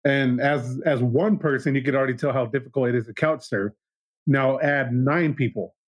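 A man's voice: medium pitch, a little fast, breathy edge, dry recording, rough recording. Reflective young man, dry close sound. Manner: reflective, with restarts and retold dialogue. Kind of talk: casual podcast conversation.

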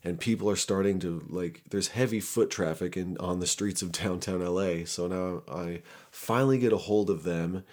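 A man's voice: low voice, darkish tone. A young man telling a candid, profane personal story in a casual, rambling way, with frequent restarts.

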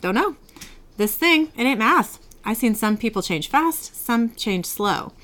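A woman voicing a taunting, gruff infected zombie man who speaks with menace, in a lower register than her own voice. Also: animated, unhurried, a bit bright.

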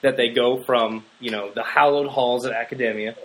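A man's voice: medium pitch, steady tone, moderate pace, few pauses, rough recording. A man casually discussing a film on a podcast, rambling with fillers and restarts. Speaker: podcast co-host.

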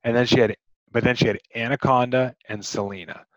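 A man's voice: mid-range voice, fairly even intonation, brisk, a bit bright, no room sound, lo-fi sound. A man co-hosting a podcast, chatting casually about a movie, rambling with many restarts and fillers. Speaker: podcast co-host.

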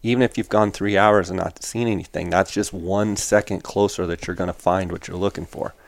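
A man's voice: sits low, steady tone, brisk, gravelly, dry recording. A man hosting a hunting talk show, giving advice in short, emphatic, repeated phrases and acting out quoted exchanges. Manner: acts out quoted exchanges with a raised voice. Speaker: hunting podcast host. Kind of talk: casual chat.

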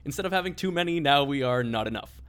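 A man's voice: fairly high pitch, animated, fast, fairly bright tone, smooth. A man hosting a casual podcast chat, joking and laughing often. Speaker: podcast host.

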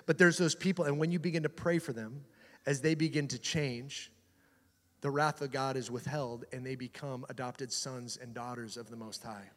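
A man's voice: medium pitch, normal speed, big-room sound. A male pastor preaching a sermon on a church stage, telling Bible stories with animation and urging the congregation in an earnest voice. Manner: animated storytelling that drops to soft, earnest exhortation.

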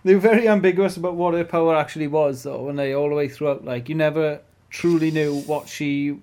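A man chatting casually on a podcast, his voice sitting a little high. He gets animated, swears freely and restarts his sentences as ideas pile up. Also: brisk. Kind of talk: casual chat.

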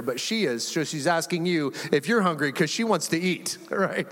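A male pastor delivers an animated, conversational sermon, slipping into little acted-out quotes and chuckling as he goes. His voice sits high for a man. The sound carries the long reverb of a large church sanctuary. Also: measured pace.

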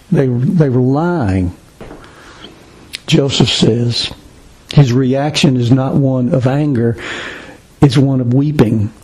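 A man's voice: medium pitch, mellow, breathy edge, rough recording. A man preaching a sermon, reading scripture aloud and explaining it with emphasis. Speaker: pastor.

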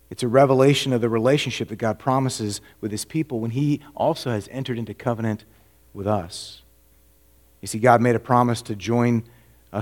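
Male pastor giving a sermon, earnest, asks the room lots of questions, goes quiet then punches it up, mid-pitched voice. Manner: earnest, rhetorical questions, swings from hushed to emphatic.

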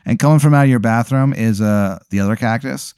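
A man's voice: medium pitch, fairly quick, darkish tone, clear, resonant tone, dry recording, clean studio sound. A man telling a rambling, swearing story in casual chat as a comedy podcast host.

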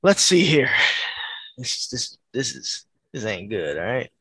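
A man playing a tabletop role-playing game, talking casually and thinking out loud in halting bursts. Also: medium pitch, big pitch swings, breathy edge, dry recording. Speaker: player.

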